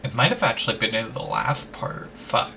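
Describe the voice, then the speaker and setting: A man's voice: mid-range voice, lively intonation, moderate pace, creaky, pushed and bright, distant mic, slight background noise. A man hosting a let's play, rambling casually with lots of "like" and the odd swear word. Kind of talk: casual gameplay commentary.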